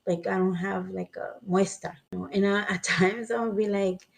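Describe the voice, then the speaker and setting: A woman's voice: medium pitch, steady tone, moderate pace, vocal fry. Bilingual woman telling a story casually. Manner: switches between English and Spanish mid-sentence, swears casually. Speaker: podcast co-host.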